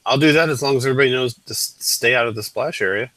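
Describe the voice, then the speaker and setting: Male player, bright tone, dry sound, methodical questioner. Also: medium pitch, racing, no echo, low-quality recording. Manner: methodical, asks pointed questions. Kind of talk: tabletop game chat.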